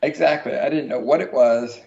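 A man's voice: medium pitch, moderate pace, creaky, a little mellow, lo-fi sound. A man guest in an interview, telling a long story in a rambling, chatty way with many fillers and restarts, laughing easily. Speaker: lottery winner guest.

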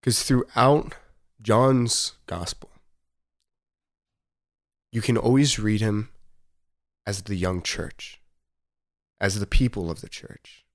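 A man's voice: fairly low pitch, fairly even intonation, slow, long pauses. A young man hosting a casual faith podcast, talking earnestly and rambling, with frequent fillers and laughs. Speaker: podcast host.

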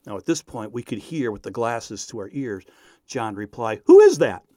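A man recounting a personal story in an animated, self-deprecating way. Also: on the low side, normal speed, dry recording, studio quality. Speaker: radio speaker.

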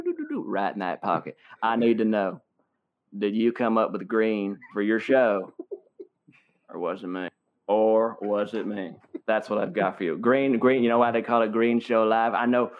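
A man impersonating a laid-back, self-assured movie star, drawling slowly with heavy vocal fry. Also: on the low side, expressive, highs cut off, natural voice.

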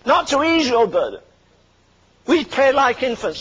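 High-voiced older man preaching fervently. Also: big pitch swings, a little slow, a bit bright, breathy edge, muffled recording. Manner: fervent, punchy rhetorical questions. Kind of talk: sermon.

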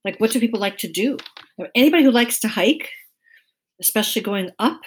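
A middle-aged woman with a soft, gentle voice, a guest chatting casually in an interview and telling stories with frequent laughs. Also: a little high, expressive, brisk, a little hiss or hum. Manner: chatty storyteller, laughs often. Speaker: guest, Chinese medicine practitioner.

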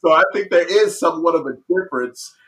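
A man's voice: fairly high pitch, fast, a bit bright. A man co-hosting a casual chat show. He laughs often and acts out quotes. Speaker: podcast co-host.

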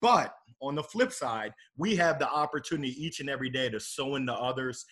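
A man's voice: medium pitch, expressive, brisk, fairly bright tone. A middle-aged man speaking as a podcast guest in a casual, upbeat and motivational way about faith and his work.

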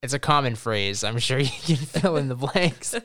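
A woman's voice: a bass voice, lively intonation, moderate pace, a bit bright. A woman co-hosting a podcast, chatting casually about a TV episode with dry, teasing humor. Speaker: podcast co-host. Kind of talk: casual recap chat.

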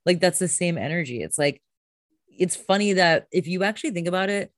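A woman's voice: fairly low pitch, lively intonation, fairly quick, no room sound, studio quality. A woman guest on a podcast, a coach, talking enthusiastically and emphatically in casual chat.

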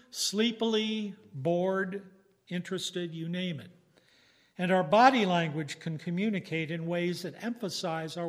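Middle-aged male preacher, higher voice, slow deliberate teaching delivery. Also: fairly bright tone. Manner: slow, measured teaching with fillers. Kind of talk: sermon.

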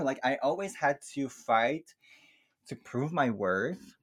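A man speaking English as a second language, talking reflectively and softly with many fillers in a casual chat. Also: mid-range voice, big pitch swings, slow pace. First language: not English. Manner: reflective, soft-spoken, with frequent fillers. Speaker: podcast guest. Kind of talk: casual chat about emotional healing.

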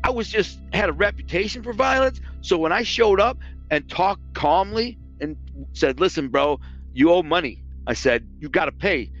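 A man with a fairly high voice tells a story bluntly and profanely, acting out each quoted line. The recording sounds dull and lo-fi, with faint music underneath. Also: animated, normal speed, a bit bright. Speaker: interviewee telling his past. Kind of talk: casual spoken storytelling.

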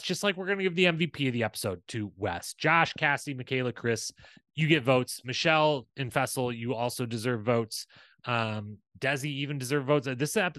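Male podcast host, animated and talkative, recapping solo in a dry room. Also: mid-range voice, dry recording. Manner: enthusiastic, chatty, animated.

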